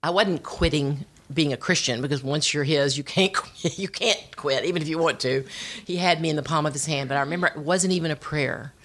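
Brief: middle-aged woman, low voice, lively storytelling testimony. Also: brisk. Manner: animated storytelling with voiced quotes. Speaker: speaker sharing testimony. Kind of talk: personal testimony talk.

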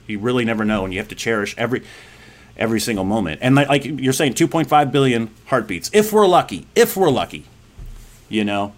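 Low-voiced man telling a candid story. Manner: rambling, candid, laughs often, drifts quiet and reflective. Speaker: podcast co-host telling a personal story. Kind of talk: casual storytelling.

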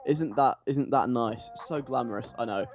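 A man's voice: mid-range voice, normal speed, highs cut off. A man hosting a radio show, chatty and enthusiastic. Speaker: radio host. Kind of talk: casual radio chat. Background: faint music.

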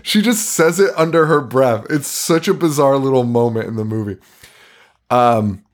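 A man casually retelling a movie's plot on a podcast, swearing and laughing as he goes. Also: medium pitch. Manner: animated, swearing, laughing while retelling scenes. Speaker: podcast co-host. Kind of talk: casual movie recap chat.

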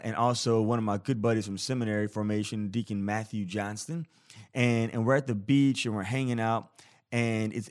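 A man hosting a podcast, telling a story in a casual, playful, jokey way and acting out the scenes as he goes. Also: medium pitch. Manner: animated, playful storyteller who acts out scenes; jokey, self-deprecating. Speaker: podcast host.

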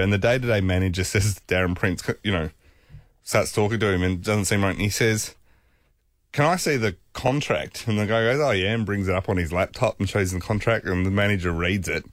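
A man telling a long anecdote on a talk show, animated and laughing often. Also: on the low side, no echo, studio quality. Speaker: podcast guest. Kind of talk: casual storytelling chat.

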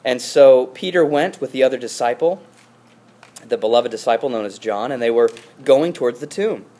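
Male pastor, mid-pitched, preaching casually with asides and restarts. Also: animated, normal speed, dark tone. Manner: conversational storytelling with asides. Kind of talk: sermon.

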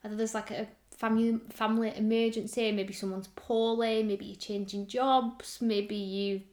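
A woman's voice: a little high, level tone, moderate pace, a little mellow. A woman co-hosting a podcast in casual chat, teasing her partner and laughing often. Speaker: podcast co-host.

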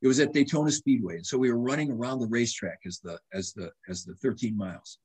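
A man in his seventies, a doctor being interviewed, telling animated stories in casual conversation. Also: medium pitch, quick pace, husky. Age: 70s. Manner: animated storyteller, restarts and quotes himself. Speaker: guest doctor.

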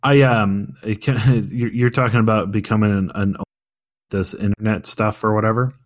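A man's voice: on the low side, steady tone, moderate pace, no echo, clean studio sound. A man in his thirties, a podcast co-host telling a story in casual chat, rambling with many fillers and restarts. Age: 30s.

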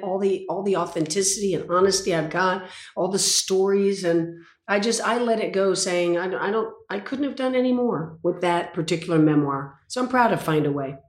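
An older woman in her sixties, a guest in an interview, telling stories intensely and dramatically. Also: mid-range voice. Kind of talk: interview conversation. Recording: roomy echo.

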